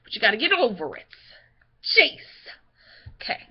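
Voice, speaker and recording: A woman's voice: high voice, expressive, a little fast, lo-fi sound. A young woman chatting casually in a rambling home vlog, easily sidetracked and giggly. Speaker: vlogger.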